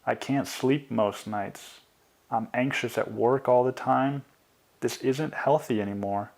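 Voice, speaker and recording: A man's voice: mid-range voice, unhurried, creaky. A man reading a weary, hurt girlfriend. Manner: soft, weary and tearful. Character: hurt, exhausted young woman girlfriend.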